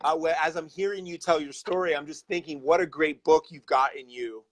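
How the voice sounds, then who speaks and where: A man hosting an interview, asking his guest questions in a halting way with frequent pauses. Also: on the high side. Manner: halting, with many "uh" fillers and restarts. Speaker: interview host. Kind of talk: conversational interview.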